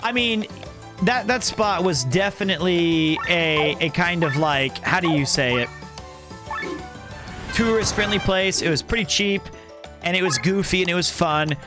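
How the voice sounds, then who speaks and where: A man's voice: high-pitched, measured pace, music in the background. A man streaming a game and chatting casually, rambling and joking in a playful way. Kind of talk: casual live-stream chat.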